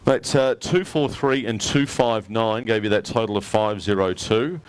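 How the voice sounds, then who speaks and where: A man's voice: fairly low pitch, moderate pace, smooth, dry recording. An Australian man emceeing a live prize presentation at an outdoor weigh-in, upbeat and matey as he calls up each winner. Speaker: tournament emcee.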